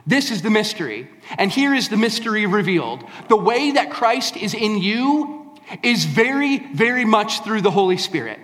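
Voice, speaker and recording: A man's voice: high voice, sing-song, moderate pace, a bit bright, big-room sound. A man preaching a sermon, emphatic, repeating key phrases. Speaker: pastor.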